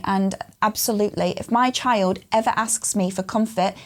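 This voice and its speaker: A woman with a mid-pitched voice, talking earnestly in a relaxed group chat. She tells personal stories and acts out quoted lines along the way. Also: normal speed. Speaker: podcast co-host.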